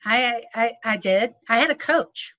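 A woman's voice: fairly high pitch, a little slow, a bit bright. Middle-aged woman agent, plain matter-of-fact delivery, dull lo-fi sound. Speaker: real estate agent. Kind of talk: testimonial interview. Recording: dull, muffled lo-fi audio.

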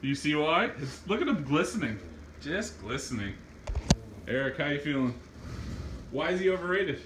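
A man hosting a hot sauce challenge among friends, teasing and excitable in casual banter. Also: a little high, normal speed. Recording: echoey room with faint noise.

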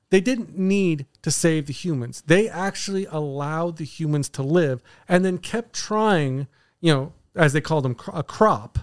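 Higher-voiced man, smooth and dry. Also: no room sound. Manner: animated, speculative, poses questions. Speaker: podcast co-host. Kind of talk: casual movie review chat.

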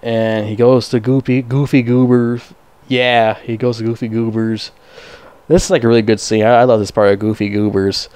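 A man's voice: medium pitch, normal speed, a little mellow, clean tone, no echo. A young man ranting casually and profanely as a movie reviewer, rambling and mocking. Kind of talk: casual rant.

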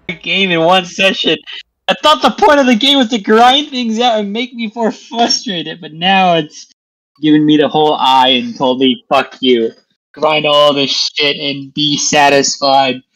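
A man's voice: mid-range voice, fairly bright tone, rough recording. A young man giving casual gameplay commentary, confused and exasperated, swearing often. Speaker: gamer.

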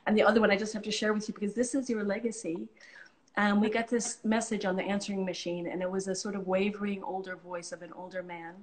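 A woman's voice: mid-range voice, fairly even intonation, fast talker. A woman hosting an interview, telling stories in an earnest, appreciative way, often restarting her sentences. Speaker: host, charity leader. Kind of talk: conversational interview.

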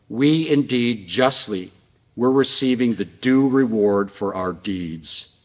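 Guy preaching a church sermon, slow and husky, loud then hushed, big echoey hall. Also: mid-range voice, animated. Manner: impassioned, swinging between loud outbursts and hushed tones. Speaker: pastor. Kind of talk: sermon and prayer. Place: church sanctuary. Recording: long reverb in a large hall.

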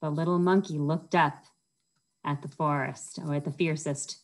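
A woman with a low-sitting voice reads a picture book to kids at library storytime, speaking at normal speed. She's animated and keeps asking her young listeners questions. The recording quality is low.

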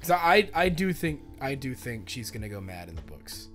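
A man co-hosting a casual podcast, animated and profane, bursting into loud acted-out quotes as he talks. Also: mid-range voice, a little fast, soft background music. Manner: animated, swearing, acts out quotes loudly. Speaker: podcast co-host. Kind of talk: casual chat.

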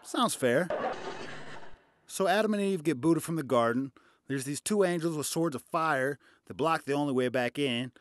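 A man's voice: on the high side, moderate pace. A man doing a stand-up routine, sarcastic and profane. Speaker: stand-up comedian.

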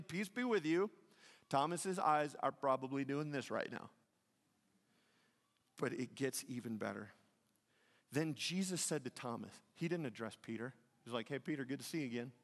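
Animated pastor, big and hushed swings. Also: male voice. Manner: swings from loud, fast outbursts to low, hushed passages; acts out biblical dialogue in casual modern speech. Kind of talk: sermon. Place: large church hall. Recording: long church hall reverb.

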